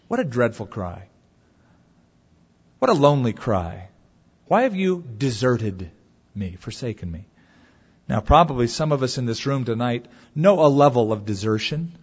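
A man preaching a sermon to a congregation, reading scripture aloud and expounding it with dramatic pauses. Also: medium pitch, breathy edge. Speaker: pastor. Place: church or hall before a congregation. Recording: dull lo-fi recording with long hall reverb.

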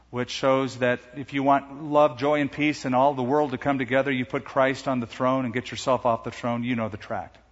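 Husky man preaching in a reverberant church. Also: medium pitch, a bit bright. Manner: emphatic, slows and lifts his voice on key words. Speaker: pastor. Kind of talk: sermon. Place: large church sanctuary. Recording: dull sound with long hall reverb.

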